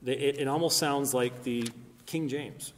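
A middle-aged Christian apologist lectures in a church hall, arguing emphatically and getting louder on key points, with fillers and restarts between. His medium-pitched voice is unhurried and fairly even, with long hall reverb and a little hiss or hum.

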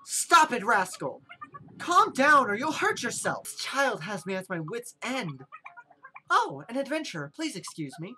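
A woman's voice: fairly high pitch, very animated, a little slow, pushed and bright, a little hiss or hum, voice pushed up, full character voice, rough recording. A woman voicing a worried, frazzled young mother who pleads with her restless child. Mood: fretful. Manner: fretful, pleading.

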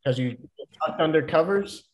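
A man's voice: fairly high pitch, lively intonation, moderate pace, a little mellow. A man with a Southern US accent from Georgia, a podcast guest who chats in a rambling, self-laughing way. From Atlanta, Georgia. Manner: chatty, rambling, laughs at himself. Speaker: podcast guest, baseball player. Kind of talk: casual podcast chat.

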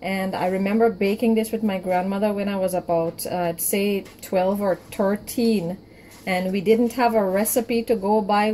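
Woman teaching a baking recipe, mellow voice. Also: medium pitch, slight background noise, low-quality recording. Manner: warm step-by-step instructions with reassuring promises. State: out of breath from kneading. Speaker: home baking cook. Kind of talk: cooking tutorial narration.

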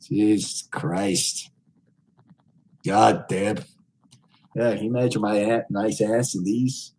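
A middle-aged man streaming crude pranks on strangers, bellowing loud high greetings and then muttering vulgar insults under his breath. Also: fairly even intonation, takes it slowly, noisy background. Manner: vulgar and mocking. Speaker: streamer chatting with strangers on a video chat site.

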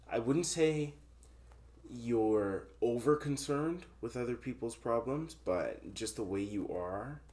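A man's voice: medium pitch, slow pace, a little mellow. A young man in his twenties hosting a podcast, talking frankly and teasingly with a friend. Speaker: podcast host. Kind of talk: casual conversation.

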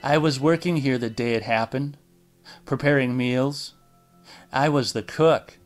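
A man voicing a calm, unhinged middle-aged woman killer who speaks in a quiet, bitter, menacing tone. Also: on the high side, unhurried, soft background music, natural voice.

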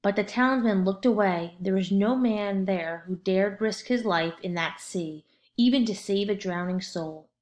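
A woman narrating a children's storybook aloud in a steady, expressive way. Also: medium pitch, a little slow.

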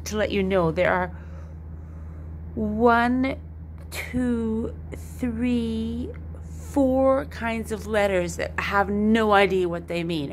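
A woman's voice: mid-range voice, fairly even intonation, slow pace, a little hiss or hum. A woman talking to camera in a casual video diary, chatty, upbeat and self-deprecating. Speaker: vlogger. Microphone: headphones with Bluetooth device.

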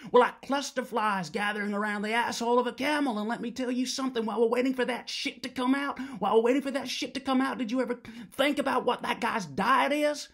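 A gravelly, rattled ex-militant , as a man puts him on, rambles down the phone in a comedic monologue. He stammers and restarts, repeats himself and swears, his voice sitting a touch high. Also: normal speed. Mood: ranting.

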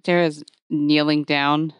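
Smooth low-voiced woman player. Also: level tone, no room sound. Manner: halting, earnest, laughs easily. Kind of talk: playing a tabletop game.

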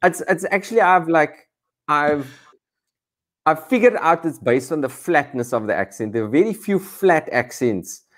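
Animated Cape Town man on a video call. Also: a little high, normal speed. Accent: Cape Town South African. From South Africa. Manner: animated, self-deprecating, lots of restarts. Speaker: comedian guest. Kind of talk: casual video-call interview. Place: on top of a garage, outdoors.

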